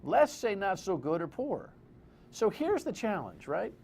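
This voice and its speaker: A man's voice: high voice, huge pitch swings, measured pace, vocal fry, darkish tone, breathy edge. A man hosting a TV commentary segment, talking in a blunt, sarcastic, conversational way. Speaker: TV host and commentator. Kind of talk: opinionated TV commentary. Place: TV studio. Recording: faint background noise.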